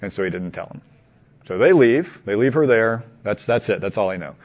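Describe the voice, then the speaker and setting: A man telling a long anecdote to a small group in a casual, halting way, asking them questions along the way. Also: fairly low pitch. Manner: animated, halting, many restarts and laughs. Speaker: teacher leading a group discussion.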